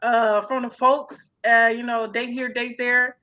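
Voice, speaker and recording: A young adult woman co-hosting a casual chat, animated and stretching words out for emphasis. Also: fairly high pitch, dull audio. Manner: animated, drawn-out emphatic hustle talk. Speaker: podcast co-host.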